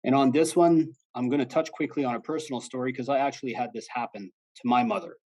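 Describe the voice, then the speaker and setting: Husky-voiced man giving a fraud talk. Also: medium pitch, fast talker, dark tone, highs cut off. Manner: conversational and plain-spoken, acts out quoted callers. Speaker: fraud-awareness presenter, former police officer. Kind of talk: informal educational presentation.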